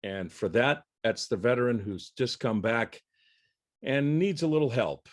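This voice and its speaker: Lively-voiced man closing a program. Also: mid-range voice, unhurried. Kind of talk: closing address.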